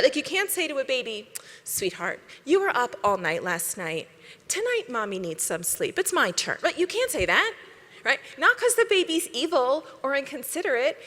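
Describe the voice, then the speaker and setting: A woman giving a lively, conversational talk at a convention, often checking in with the audience by asking "right?". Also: sits high. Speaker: speaker at a convention. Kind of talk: inspirational lecture. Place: large hall. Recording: long hall reverb.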